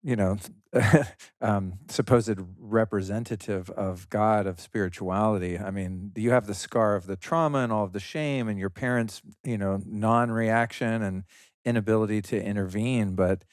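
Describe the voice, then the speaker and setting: A man's voice: fairly low pitch, steady tone, moderate pace, no room sound, clean studio sound. A man hosting a podcast interview, speaking thoughtfully and loosely, with hesitant phrasing. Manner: thoughtful, rambling with fillers, gentle laughs. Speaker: podcast host. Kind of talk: interview conversation.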